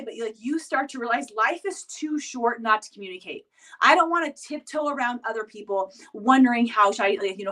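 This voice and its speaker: A woman with a high, light voice talks casually to her viewers, chatty and loose, forever tagging her points with "right?". She sounds a little distant from the microphone, as if she sits back from the camera. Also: pushed and bright. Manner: chatty, filler-heavy, often asks "right?". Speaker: vlogger. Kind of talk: casual motivational talk to camera. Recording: voice picked up from a distance.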